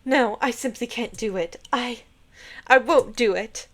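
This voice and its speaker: Girl reading a high panicky damsel from some cheesy old movie, protesting, breathless. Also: unhurried, fairly bright tone. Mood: panicked. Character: frightened young noblewoman in old film. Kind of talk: reading game dialogue aloud.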